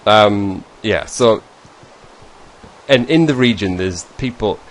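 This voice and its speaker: Speaking slowly in a lowish voice, a northeast England man with a northern English accent chats casually to his viewers while sharing his screen. The vlogger rambles, often backtracks to correct himself mid-sentence and chuckles through asides, and there is slight background noise.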